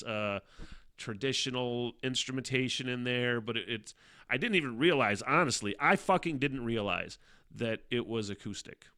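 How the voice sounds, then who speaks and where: A man's voice: fairly low pitch, a bit bright, clean tone, no echo, clean studio sound. A man hosting his own podcast, chatting casually and profanely, laughing often as he tells a story. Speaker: podcast host. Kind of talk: casual solo chat.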